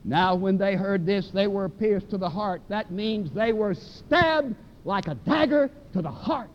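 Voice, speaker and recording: A man preaches with a strikingly high voice, hammering his points by repeating them and slowing down to stress each quoted verse. The recording sounds dull and lo-fi, with a faint low rumble underneath. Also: lively intonation. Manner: emphatic, repeats phrases for force. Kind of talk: sermon.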